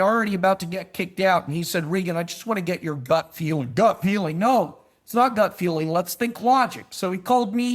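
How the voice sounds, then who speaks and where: Animated middle-aged man, fairly high voice. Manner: animated storytelling, swings from soft asides to emphatic peaks. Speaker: podcast guest, foundation manager. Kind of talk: conversational podcast interview.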